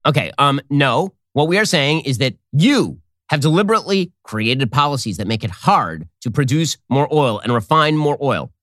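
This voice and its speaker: A man hosting a political commentary show, talking in a rapid, sarcastic, mocking monologue. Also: medium pitch, sing-song, a bit bright, no room sound, clean studio sound. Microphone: studio mic with earpiece.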